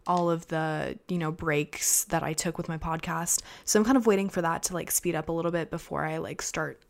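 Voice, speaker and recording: A woman's voice: low-pitched, fairly even intonation, fairly quick, gravelly. Chatty teenage girl podcast host. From America. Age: teens. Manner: chatty, filler-heavy, rambling. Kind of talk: casual solo podcast chat.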